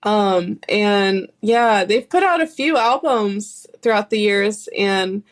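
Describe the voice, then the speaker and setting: A woman's voice: mid-range voice, animated, slow. A woman guest musician in a casual interview, easygoing and giggly, filling her talk with "like". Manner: heavy use of "like", giggly and easygoing.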